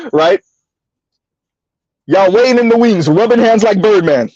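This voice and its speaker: A man's voice: high-pitched, very animated, measured pace, a little mellow, no echo. A man hosting a casual livestream, chatting with viewers, laughing often and stumbling over repeated words. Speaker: livestream host. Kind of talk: casual livestream commentary reading chat. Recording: dull lo-fi dry sound.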